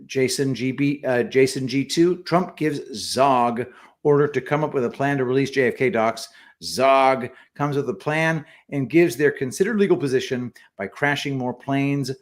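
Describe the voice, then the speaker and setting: A man co-hosting a casual livestream, reading viewer messages aloud and adding quick remarks. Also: medium pitch. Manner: reads super chats aloud with quick asides. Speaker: co-host reading donor messages.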